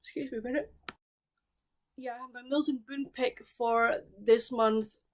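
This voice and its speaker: A woman's voice: fairly high pitch, fairly even intonation, normal speed. A woman chatting casually as a book vlogger, rambling with friendly asides to her viewers. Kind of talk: casual vlog chat.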